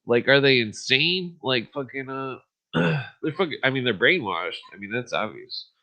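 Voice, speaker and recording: A man's voice: mid-range voice, lively intonation, a little slow, dull audio. Profane, blunt male podcast host. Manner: profane, blunt, frequent fillers. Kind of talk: casual ranting and reading aloud.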